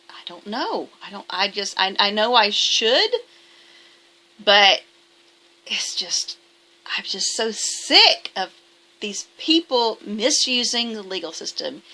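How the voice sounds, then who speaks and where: Bright-voiced woman vlogging emphatically. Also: medium pitch, vocal fry. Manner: emphatic, defensive, rambling with restarts. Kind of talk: casual monologue to camera.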